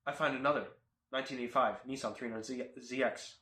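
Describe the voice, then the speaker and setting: Young guy telling a silly car story, animated, bright sharp voice, echoey garage. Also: medium pitch, unhurried, long pauses. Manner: animated, jumps into loud silly voices, self-mocking. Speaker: car vlogger. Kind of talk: comic storytelling. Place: home garage.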